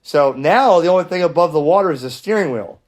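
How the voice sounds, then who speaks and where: A middle-aged man, host of a hobby channel, telling a story in a casual vlog with an animated, exasperated delivery and frequent restarts. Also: on the high side, a little fast. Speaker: ham radio channel host.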